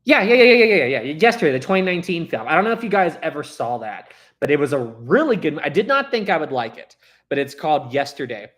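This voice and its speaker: A man's voice: a little high, very animated, fast talker, fairly bright tone. A man chatting casually with viewers as host of a live stream, rambling and laughing easily.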